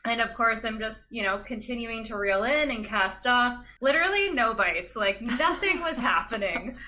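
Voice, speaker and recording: Young woman, podcast guest; lively casual storyteller, bright and sharp tone. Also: on the high side, normal speed, a little hiss or hum. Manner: animated, chatty, frequent laughs and fillers.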